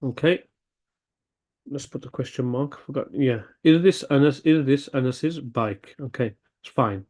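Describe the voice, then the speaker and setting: A man's voice: mid-range voice, unhurried, darkish tone. A man teaching an Arabic grammar class, thinking aloud and checking in with "okay?" often. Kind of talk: online language lesson.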